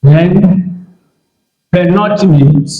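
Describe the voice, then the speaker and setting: A man teaching a Hebrew lesson, who speaks deliberately, pauses between phrases and repeats key terms. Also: high-pitched, reverberant, phone-quality sound. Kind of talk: slow classroom lecture.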